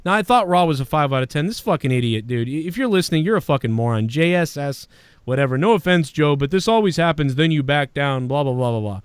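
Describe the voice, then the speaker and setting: A man's voice: on the high side, expressive, fast talker, smooth, no echo. A man hosting a show, ranting casually with profane, combative, mocking insults aimed at a critic. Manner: sarcastic, mocking. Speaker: show host reading viewer donations. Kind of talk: casual livestream rant.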